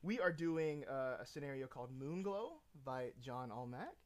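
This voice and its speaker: A man's voice: medium pitch, animated, normal speed. A man acting as game master for a tabletop role-playing game, often laughing and using lots of fillers.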